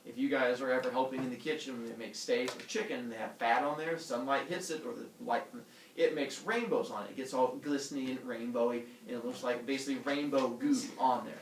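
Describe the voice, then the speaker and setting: A man teaching a class, retelling a myth with lively acted-out character voices. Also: mid-range voice, fairly quick. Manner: animated, acts out characters with silly voices. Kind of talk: storytelling lesson to students. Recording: echoey room from far off.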